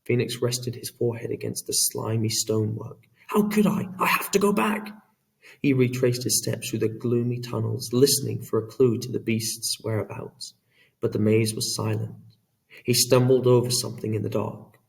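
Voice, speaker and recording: A man reading an audiobook in a measured, dramatic storytelling manner. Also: lowish voice, little pitch movement, vocal fry, a little mellow, far from the mic. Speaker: audiobook narrator. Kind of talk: scripted narration.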